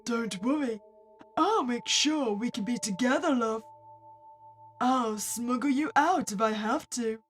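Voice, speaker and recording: A woman voicing a calm, quietly controlling male psychiatrist obsessed with his patient, reading a horror visual novel aloud. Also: on the high side, unhurried, faint music behind, close to an everyday voice. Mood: possessive.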